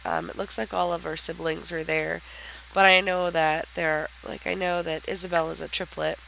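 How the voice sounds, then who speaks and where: Woman, let's play host, sick with a raspy nasal voice, gravelly, bright tone, hesitant casual commentary. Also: deep voice, a little hiss or hum, rough recording. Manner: hesitant, chatty explaining. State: raspy and nasal from a sinus infection.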